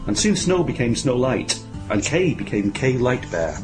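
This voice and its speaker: A man narrates a comic pantomime with sarcastic, grumbling asides and a lively, wide-ranging delivery. Clear music plays under the voice throughout. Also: mid-range voice, moderate pace. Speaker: host and narrator.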